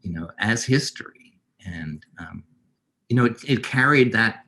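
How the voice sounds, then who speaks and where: A man's voice: fairly low pitch, lively intonation, a little slow, pushed and bright, breathy edge. A middle-aged man, a filmmaker being interviewed, speaking reflectively with many fillers and restarts. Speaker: filmmaker guest.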